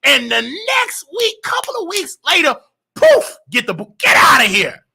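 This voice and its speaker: A man hosting a comedy show, ranting in a loud, animated way and often breaking into shouts. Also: very high-pitched, measured pace. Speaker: show host. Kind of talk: comedic rant.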